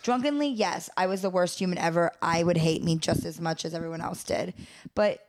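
A young woman co-hosting a podcast, chatty, with quick reactions and frequent laughter. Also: fairly low pitch. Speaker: podcast co-host. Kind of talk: casual chat.

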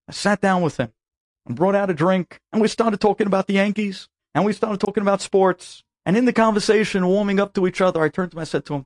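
An animated man tells a personal story, leaning into the dialogue with lively emphasis. His voice is on the high side for a man. The sound is dry and close, with no room around it. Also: fast, no room sound. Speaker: rabbi and storyteller.

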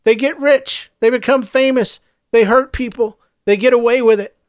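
Gravelly sweet older lady, gentle consoling talk, read by a man, smooth high voice. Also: steady tone, normal speed, no echo, clean studio sound. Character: kind older woman, gravelly after choking.

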